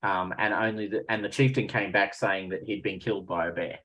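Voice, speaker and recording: A man's voice: fairly low pitch, brisk, poor audio. Chatty man running a tabletop game. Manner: relaxed, chatty, with frequent ums. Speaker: game master.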